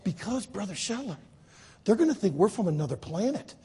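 Husky, animated male preacher. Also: brisk, big-room sound. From United States. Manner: animated storytelling, swoops into high acted voices. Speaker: Baptist preacher. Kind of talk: sermon to high school students.

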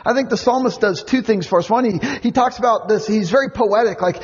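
Middle-aged guy preaching at youth camp, breathy and high, lively storyteller, echoey dull hall sound. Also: a little fast, hardly any pauses. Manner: animated storytelling, acts out kids' voices. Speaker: camp speaker. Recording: muffled sound with long hall reverb.

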